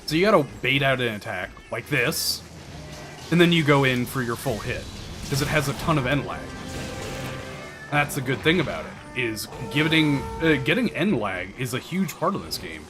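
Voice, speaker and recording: A man's voice: mid-range voice, very animated, moderate pace. A man streaming a game, chatting casually with viewers and explaining tactics, swearing now and then. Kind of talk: casual gameplay commentary. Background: game music.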